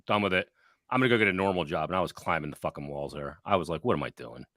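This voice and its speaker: A man talks sports on a podcast, blunt and salty, telling his stories with energy. His voice is bright and forceful, recorded close and dry with no room sound. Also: sits low, racing, no echo. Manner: blunt, profane, animated storyteller. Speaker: podcast co-host. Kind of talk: casual sports talk.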